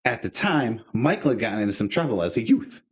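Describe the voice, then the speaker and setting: A man's voice: medium pitch, fast talker. A man co-hosting a podcast, telling a story in casual chat, swearing and acting out the dialogue. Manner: animated, swearing, acts out dialogue. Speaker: podcast co-host.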